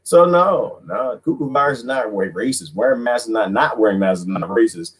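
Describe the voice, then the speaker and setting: A man hosting a livestream who talks in an animated, mocking way, laughs often, and is losing his voice. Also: mid-range voice, a little fast, breathy edge, poor audio. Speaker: livestream host reading viewer comments. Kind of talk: casual livestream monologue.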